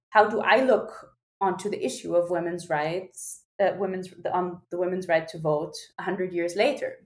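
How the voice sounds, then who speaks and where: Woman, young adult, animated, restarts often, echoey room. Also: mid-range voice. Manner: animated, frequent laughs and restarts. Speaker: guest, singer and activist. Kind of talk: podcast interview. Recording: roomy echo.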